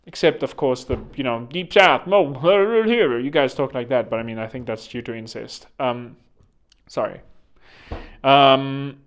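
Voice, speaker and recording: A man from South Africa with a South African accent, talking in a rambling, digressive monologue full of sarcastic, mocking asides. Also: medium pitch. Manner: digressive, self-correcting. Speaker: online commentator.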